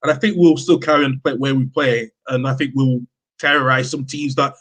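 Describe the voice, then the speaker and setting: Passionate football fan. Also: male voice, mid-range voice, a little fast. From Yorkshire, England. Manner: animated, passionate fan talk with many restarts. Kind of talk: casual live-stream football chat.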